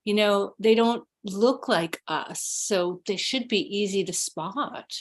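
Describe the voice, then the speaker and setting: A woman in an improv comedy scene over a video call speaks slowly and evenly. Her delivery is deadpan and matter-of-fact, her pitch middling. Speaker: improv performer.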